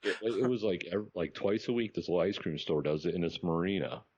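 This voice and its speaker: A man's voice: low-pitched, fairly quick, darkish tone, husky, highs cut off. A man with a slight lisp, co-hosting a podcast and telling stories in a laid-back, swearing casual chat. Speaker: podcast co-host.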